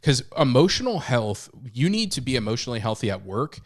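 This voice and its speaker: A man in his thirties co-hosting a podcast, talking candidly and with animation, swinging between loud and hushed. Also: mid-range voice, very animated, brisk. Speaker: podcast co-host. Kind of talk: casual chat.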